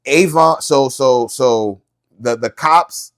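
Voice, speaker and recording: A man hosting a podcast, casually recapping a TV series in slangy, animated storytelling with lots of filler. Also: medium pitch, slow. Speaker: podcast host.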